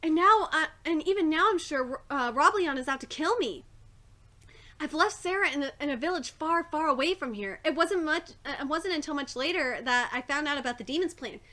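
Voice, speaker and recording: A woman's voice: sits high, animated, a little fast, bright, forceful tone. A woman reading the lines of an earnest, guilt-ridden young male demon swordsman from a comic, in her own voice with small stumbles. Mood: remorseful. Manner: plain read-aloud delivery with stumbles.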